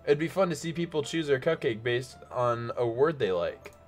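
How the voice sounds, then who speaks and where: A man's voice: medium pitch, moderate pace, faint music behind, voice pushed down, natural voice. A man reading as an easygoing schoolboy. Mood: teasing. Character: male high school student, easygoing. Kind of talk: reading visual novel lines aloud.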